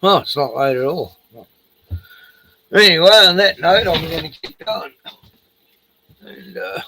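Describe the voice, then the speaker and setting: A man's voice: on the high side, expressive, measured pace, creaky, pauses often, sharp tone, a little hiss or hum, rough recording. An Australian man hosting a casual livestream, rambling, swearing and chatting to his dog. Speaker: livestream host.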